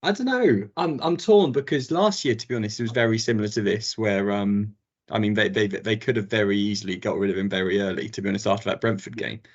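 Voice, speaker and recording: A man's voice: on the low side, quick pace, muffled recording. A man from England co-hosting a casual football chat, easygoing, laughing often and repeating himself. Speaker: podcast co-host. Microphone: video call.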